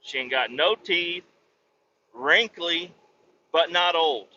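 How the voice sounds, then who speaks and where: A man's voice: on the high side, slow pace, sharp tone, dull audio, a little hiss or hum. A man hosting a podcast who tells a story in a casual comic way, rambling, sarcastic and full of swearing. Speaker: podcast host.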